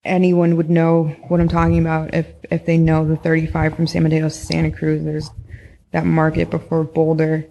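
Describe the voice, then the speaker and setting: Young woman, creaky voice, rambling casual storyteller full of "like" and swearing. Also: low voice, monotone, normal speed, mellow, lo-fi sound, slight background noise. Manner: rambling, heavy use of "like", frequent swearing. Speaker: podcast guest recounting experiences.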